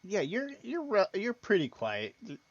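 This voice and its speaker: A man running a tabletop game as game master, talking haltingly with many fillers and restarts. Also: high voice, huge pitch swings, dry recording, muffled recording.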